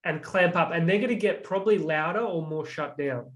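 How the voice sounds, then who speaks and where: A man's voice: a little high, fairly quick, a bit bright, a little hiss or hum. A young man, a transformational coach, explaining with many "like" fillers and acted-out examples in an earnest, reflective way. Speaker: transformational coach, podcast guest.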